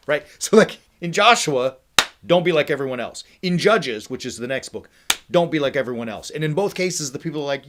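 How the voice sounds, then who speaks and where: A man hosting a faith ministry livestream, teaching in a lively, conversational way and often checking in with "right?". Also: fairly high pitch, moderate pace. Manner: energetic, conversational, with frequent "right?" asides. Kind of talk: casual teaching talk.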